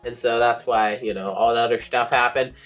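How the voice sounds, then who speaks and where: A woman's voice: a bass voice, steady tone, brisk, faint music behind. A woman streamer chatting casually, talking about how she uses her voice and laughing often. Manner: chatty, demonstrating voices, frequent laughs and fillers. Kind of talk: casual chat on a game stream.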